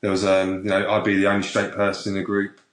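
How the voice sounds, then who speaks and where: A British man, a podcast guest, telling a frank anecdote in a casual, animated way. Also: fairly low pitch, quick pace, roomy sound. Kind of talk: casual storytelling.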